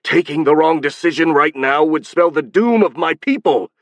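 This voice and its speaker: A weary, anxious nobleman, played by a male audiobook narrator, sarcastic and insistent. His voice stays close to the reader's own mid pitch, recorded dry. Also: animated, moderate pace, no echo, close to an everyday voice.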